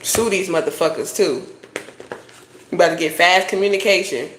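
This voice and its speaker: A woman's voice: on the low side, normal speed, roomy sound, very noisy. A woman doing a casual tarot reading, talking bluntly with lots of swearing and preachy advice. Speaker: tarot reader.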